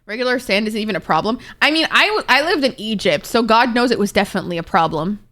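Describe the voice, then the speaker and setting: Young woman streamer gabbing with chat, kinda high voice, swears a lot, very loose and expressive. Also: quick pace. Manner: chatty and expressive, swears freely, many fillers. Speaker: Twitch streamer. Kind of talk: casual livestream chat with viewers.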